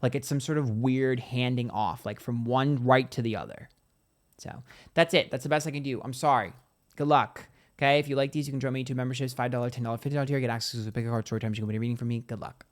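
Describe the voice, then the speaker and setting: A man at an ordinary middle pitch gives a loose, chatty tarot reading straight to his viewers. He swears freely and drifts into acting out small imagined scenes. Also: fairly even intonation, fast talker. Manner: chatty and profane, acts out little scenes. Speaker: tarot reader. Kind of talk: casual tarot reading to camera.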